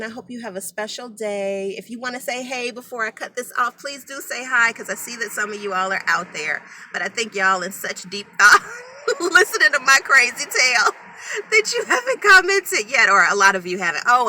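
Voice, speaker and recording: A woman's voice: medium pitch, brisk, few pauses, pushed and bright, a little hiss or hum. A middle-aged woman talking emotionally and rambling to her viewers on a phone live stream. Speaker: natural hair vlogger.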